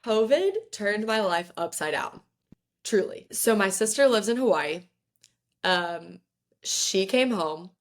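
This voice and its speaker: A young woman, a podcast guest, telling a story in lively, chatty conversation and often saying "like". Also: mid-range voice, takes it slowly. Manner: lively, chatty, fills talk with "like". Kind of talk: casual storytelling interview.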